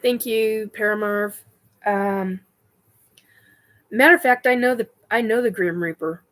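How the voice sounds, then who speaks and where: A middle-aged woman hosting a spiritual livestream chat, talking in a halting way with many ums and self-corrections while she answers viewer questions. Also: medium pitch, a bit bright, low-quality recording.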